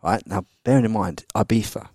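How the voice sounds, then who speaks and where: Man in his thirties, low voice, sweary and blunt, podcast guest storyteller, dry close sound. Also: fairly quick, a little mellow, dry recording. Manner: blunt and sweary, with frequent tag questions. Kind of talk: candid storytelling.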